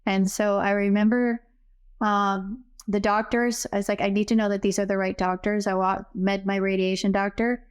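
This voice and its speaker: A middle-aged woman speaking as an interview guest, with a voice of ordinary pitch. She tells her story earnestly, slipping into the voices of the people she remembers talking to. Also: flat delivery, moderate pace, clear, resonant tone. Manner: earnest, acts out remembered dialogue. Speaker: podcast guest, psychic medium. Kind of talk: personal storytelling in a casual interview.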